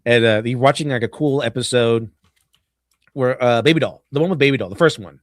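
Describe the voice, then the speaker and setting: A man hosting a casual podcast, rambling through his points with lots of restarts and chuckles. His voice sits at an ordinary middle pitch. The sound is dry and close, with no room around it. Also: a little fast, no room sound. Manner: rambling, laughs often, many restarts. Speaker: podcast host. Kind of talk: casual chat.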